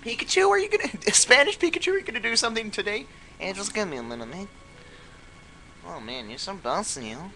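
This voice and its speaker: A man's voice: on the high side, lively intonation, normal speed, pauses often, sharp tone. A man putting on a lazy Pikachu voice with a mock Spanish accent and joking through it. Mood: teasing. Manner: joking, laughing mid-line.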